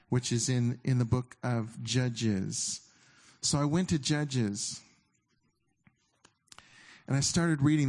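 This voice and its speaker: Male preacher, mid-range voice, informal and halting, slows down for emphatic readings. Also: medium pitch, a little mellow. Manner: conversational, with halting restarts and slowed emphatic scripture reading. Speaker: pastor. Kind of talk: sermon.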